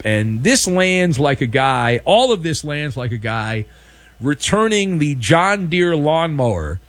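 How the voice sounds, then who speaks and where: A man hosting a daily sports talk show, delivering sarcastic, mocking commentary with animated emphasis. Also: a little high, dry recording.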